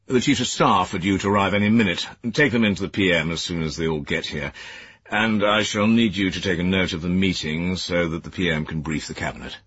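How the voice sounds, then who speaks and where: A man's voice: deep voice, a little fast, fairly bright tone, breathy edge, no room sound, highs cut off. A man voicing a stern older former soldier, a senior private secretary who speaks in clipped, commanding, disapproving tones.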